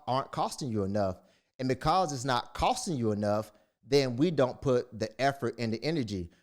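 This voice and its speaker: A man's voice: medium pitch, darkish tone. A man speaking to camera as a motivational speaker, retelling a story in a casual, rambling way with many fillers and restarts. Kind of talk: casual monologue.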